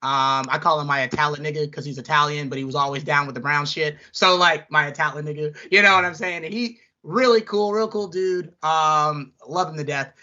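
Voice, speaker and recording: Bright-voiced young man. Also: on the high side, brisk, few pauses. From American South. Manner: animated, profane storytelling with mocking impressions. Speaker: podcast co-host. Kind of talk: casual chat. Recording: dull lo-fi audio.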